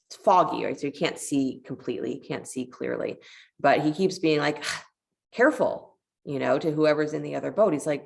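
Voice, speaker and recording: Low, gravelly-voiced woman yoga teacher. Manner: calm, encouraging cueing with a parable told in between. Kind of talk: guiding a yoga class.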